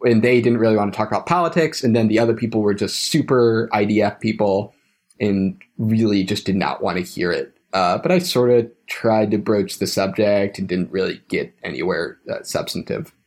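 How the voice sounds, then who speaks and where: In a relaxed podcast chat, a young man stumbles through a story, often restarting and trailing off mid-phrase. His lowish voice is a little mellow, at a moderate pace.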